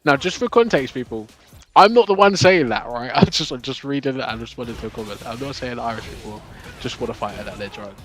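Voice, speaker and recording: A man chats with his stream viewers in a loose, rambling way, restarting his sentences and filling gaps as he goes. His voice sits at an ordinary middle pitch, and soft music plays faintly behind him. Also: animated, fast. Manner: loose and chatty, many fillers and restarts. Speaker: live streamer. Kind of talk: casual chat with viewers.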